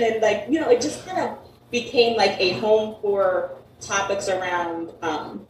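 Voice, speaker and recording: A woman's voice: medium pitch, unhurried, a little hiss or hum. Woman, Connecticut accent, talkative guest, filler-heavy, room echo, faint ambience. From Connecticut, USA. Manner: talkative, uses "like" and "um" a lot. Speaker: podcast guest. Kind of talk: casual interview chat. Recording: echoey room, mic at a distance.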